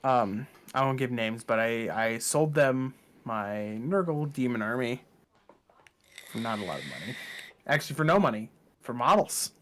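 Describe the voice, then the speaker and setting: A man's voice: medium pitch, normal speed. Male co-host, easygoing chatter, mid-range voice. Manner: relaxed, chatty, with fillers and laughs. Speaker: podcast co-host. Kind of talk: casual chat.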